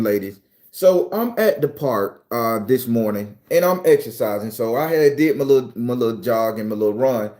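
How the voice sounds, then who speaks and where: A man's voice: mid-range voice, a little mellow. A man streaming live, telling a story in loose, profane casual talk, sweaty after a workout. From United States. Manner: loose and profane, laughs often, talks to chat by name. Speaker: vlogger.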